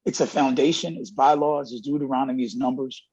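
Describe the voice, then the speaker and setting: Steady in tone and fairly quick, his medium-pitched voice is husky and a little mellow. The middle-aged college running backs coach gives a candid interview as a guest, earnestly acting out dialogue in his stories, recorded in dull lo-fi.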